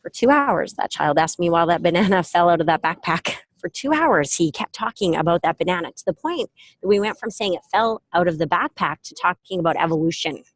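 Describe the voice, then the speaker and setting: A middle-aged woman giving a casual motivational talk, telling stories with lively acted quotes, speaking from an airport. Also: on the low side, fairly quick, no echo. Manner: animated storytelling with acted quotes. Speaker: self-help speaker.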